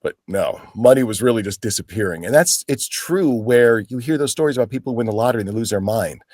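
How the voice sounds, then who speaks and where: A man's voice: mid-range voice, fast, no room sound, clean studio sound. A man in his forties from Pennsylvania, an actor telling stories as a guest in a casual, chatty way, filling his talk with "like". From Pennsylvania, United States. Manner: animated, chatty, full of "like" fillers, acts out quoted people. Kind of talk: casual storytelling in an interview.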